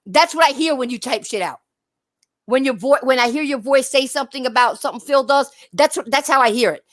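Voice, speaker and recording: A woman's voice: high-pitched, fairly quick, no room sound. A woman hosting a gaming talk channel, ranting heatedly with mocking rhetorical questions. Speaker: channel host.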